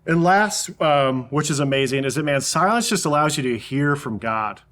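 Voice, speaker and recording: A young man gives a youth sermon in a relaxed, conversational way, leaning on "man" and "um" as he goes. His voice sits a little on the high side for a man. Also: normal speed. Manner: casual, peppered with "man". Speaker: youth pastor.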